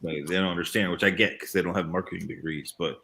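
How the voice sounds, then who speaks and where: Casual male streamer, low voice, animated and chatty. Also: creaky, slight background noise. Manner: animated, talks fast and says dude a lot. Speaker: co-host of a live stream. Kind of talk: casual live-stream chat.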